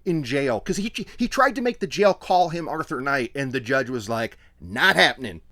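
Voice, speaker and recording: Male comic podcast co-host, lively swooping delivery, voices other people for laughs. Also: mid-range voice, moderate pace. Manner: animated, joking, mock-quotes people in voices. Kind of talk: casual comedic recap chat.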